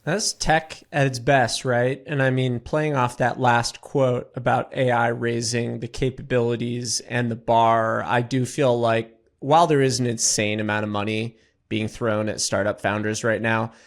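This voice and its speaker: Male co-host, middle pitch, heavy vocal fry, thoughtful explainer. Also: little pitch movement, unhurried. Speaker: podcast co-host. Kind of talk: casual podcast chat.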